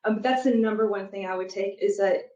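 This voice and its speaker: Woman guest, considered and halting, echoey muffled remote audio. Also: mid-range voice, steady tone, dark tone. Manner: thoughtful, many ums and restarts. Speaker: guest, product leader and youth soccer coach. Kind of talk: conversational interview answers.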